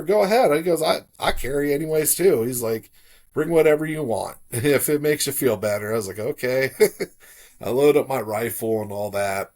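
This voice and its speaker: Middle-aged man from South Florida, podcast guest, relaxed storyteller who gets animated when quoting others. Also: fairly low pitch. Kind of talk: casual storytelling.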